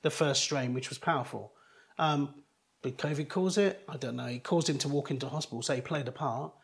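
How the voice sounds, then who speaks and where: A middle-aged man, a guest in an interview, telling a personal story in an earnest, halting way with many restarts. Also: medium pitch, gravelly.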